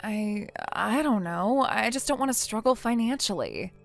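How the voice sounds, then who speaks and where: Playing a naive, self-pitying young wife in a text-message story, a synthetic woman's voice pleads and hesitates. Pitched fairly high, it's expressive at normal speed, with vocal fry and faint music behind it.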